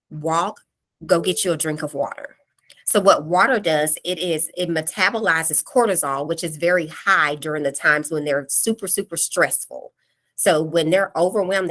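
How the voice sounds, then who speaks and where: A woman presenting an online parenting workshop, explaining practical calming techniques step by step in a plain, practical way. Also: low-pitched.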